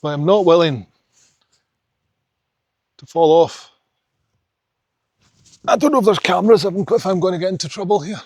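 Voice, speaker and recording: Chatty Scottish man, fairly high voice. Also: normal speed, long pauses, darkish tone, slightly rough, dry recording. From Scotland. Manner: chatty, opinionated, rambling. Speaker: hiking vlogger. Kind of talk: casual vlog chat on a walk. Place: outdoors in mountains.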